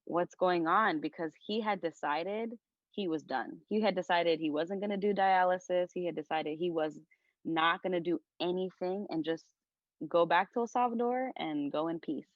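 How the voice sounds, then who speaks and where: As a podcast guest, a young female content creator converses casually and sincerely, relying a lot on "like." She speaks at a normal speed in a lowish voice, on a dull lo-fi recording with no echo.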